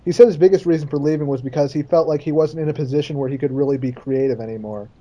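A man co-hosting a casual gaming podcast, quick and matter-of-fact, reeling off dates and facts. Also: on the high side, mellow. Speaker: podcast co-host. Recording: dull lo-fi mic.

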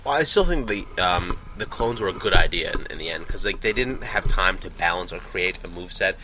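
A man's voice: deep voice, animated, brisk, noisy background. A man co-hosting a podcast, chatting casually and rambling with frequent restarts. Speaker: podcast co-host. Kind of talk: casual gaming chat.

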